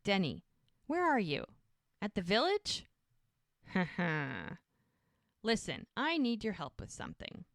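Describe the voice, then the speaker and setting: Podcast co-host, woman, slightly low voice, chatty scene-by-scene recap, dry close mic. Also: fairly bright tone, dry recording. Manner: retells scenes by quoting characters. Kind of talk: casual recap of a TV episode.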